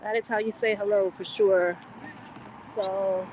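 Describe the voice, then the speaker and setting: A woman's voice: mid-range voice, fairly even intonation, unhurried, a little mellow, slight background noise. A woman born in Laos whose first language is Lao, chatting casually as she live-streams on a phone while walking outdoors and answering her viewers. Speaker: live-streaming travel vlogger. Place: outdoors on city streets.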